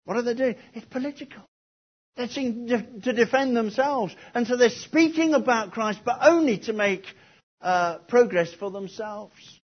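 Husky high-voiced man preaching. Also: moderate pace. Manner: expository, rhetorical questions, repeats key phrases. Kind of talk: sermon. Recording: dull lo-fi recording.

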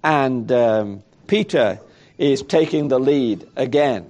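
A man's voice: medium pitch, slow pace, a little mellow. A man preaching a sermon in a reflective way, thinking aloud and asking rhetorical questions.

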